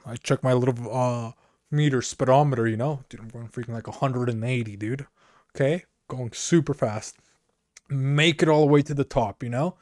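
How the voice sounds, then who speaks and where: A man's voice: medium pitch, normal speed, darkish tone, dry recording. Casual male podcast storyteller from Mexico, rambling comic delivery, dead-dry room. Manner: rambling, peppers talk with "dude" and "you know". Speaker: podcast co-host.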